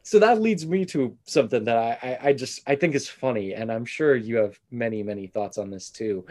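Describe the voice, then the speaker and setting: A man co-hosting a casual podcast chat, talking in an animated way with quick asides and the odd swear. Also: medium pitch. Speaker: podcast co-host.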